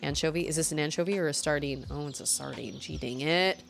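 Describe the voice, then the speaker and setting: Talking fast with vocal fry, a young adult woman streams a game and chats casually, thinking out loud and laughing easily. Her voice is low-pitched, and faint music plays behind her.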